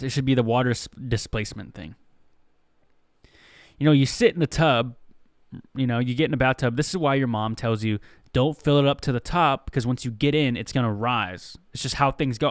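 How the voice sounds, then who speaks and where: A man's voice: medium pitch, dry recording, studio quality. A man hosting a comedy podcast, telling stories in a rambling, profane, conversational way. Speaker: podcast host.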